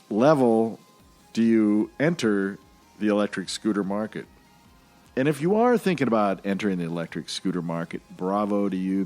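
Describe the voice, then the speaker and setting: A man's voice: fairly low pitch, a little mellow. A man hosting a podcast alone, talking in a casual, jokey and rambling way. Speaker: podcast host.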